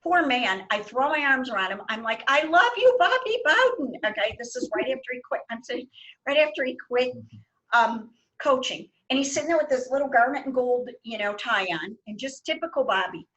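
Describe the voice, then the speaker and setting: A middle-aged woman hosts a relaxed conversation, her voice sitting a little high. She tells her stories with lively energy and breaks into laughter often. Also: fairly quick, rough recording. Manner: animated storyteller, laughs often. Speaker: host. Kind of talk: casual chat.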